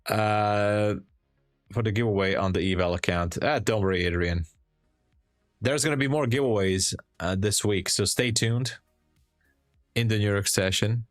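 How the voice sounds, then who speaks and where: A man from Hungary with a Hungarian accent, chatting with viewers and calmly explaining charts as a day trading streamer. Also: on the low side, a little slow, pauses often, no room sound, clean studio sound, faint music behind. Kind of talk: live-stream chat and trade commentary.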